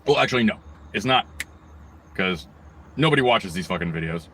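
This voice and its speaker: A man's voice: fairly low pitch, lively intonation, moderate pace, bright, forceful tone, a little hiss or hum. A man ranting on his own channel, rambling and swearing heavily, with mocking asides. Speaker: video blogger. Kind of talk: angry profane rant.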